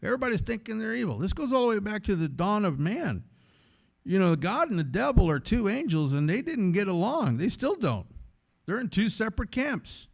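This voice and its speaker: A man from San Antonio, a former radio host, telling stories as a guest speaker in a lively, conversational way and acting out the voices in them. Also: high-pitched, brisk, vocal fry. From San Antonio, Texas. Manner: animated, conversational storytelling that acts out the voices in it. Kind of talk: storytelling sermon talk.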